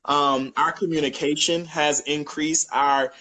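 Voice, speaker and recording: A young man chatting as a podcast guest, telling lively family stories and acting out quotes with laughter. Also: on the high side, unhurried, rough recording. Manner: animated storyteller, acts out quotes with laughter. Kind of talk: casual chat.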